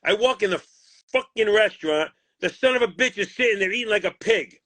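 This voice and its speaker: The recording has no room sound as a boxing manager, his voice sitting high and brisk, tells a heated interview story about a deal that fell apart. He's blunt and profane, animatedly quoting the back-and-forth.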